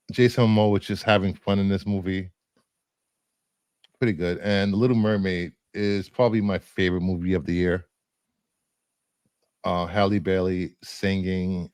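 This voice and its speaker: Casual low-voiced man listing films. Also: clear, resonant tone, no echo. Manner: relaxed, rambling, with fillers and laughs. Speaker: co-host presenting film picks. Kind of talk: casual chat.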